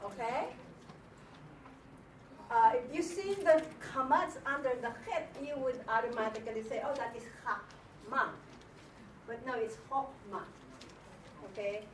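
A woman's voice: a little high, moderate pace, slight background noise. A woman teaching a language class patiently, repeating words and often checking in with her students. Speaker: Hebrew teacher. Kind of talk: classroom lesson.

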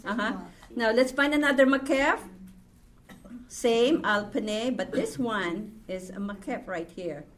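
Woman, Hebrew teacher, patient step-by-step explaining, slow pace. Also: on the high side. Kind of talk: classroom lesson.

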